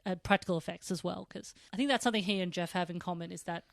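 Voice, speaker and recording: A woman's voice: on the low side, quick pace, vocal fry, no echo, clean studio sound. A woman hosting a podcast, recapping a TV episode in casual chat, joking and swearing. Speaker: podcast host.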